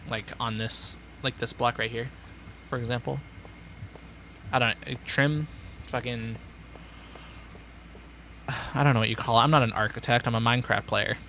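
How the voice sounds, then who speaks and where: Young man, streamer, bright voice, sardonic, rambling, self-talking. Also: mid-range voice, steady tone, normal speed, pauses often, slight background noise. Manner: rambling, sardonic, talks to himself. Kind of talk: casual gameplay chatter.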